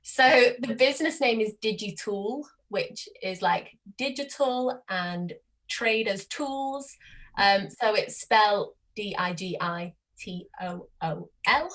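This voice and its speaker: British woman, podcast guest, chatty and upbeat, mid-pitched. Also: slow, fairly bright tone. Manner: chatty and enthusiastic. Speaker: marketing agency CEO, podcast guest. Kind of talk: casual podcast interview.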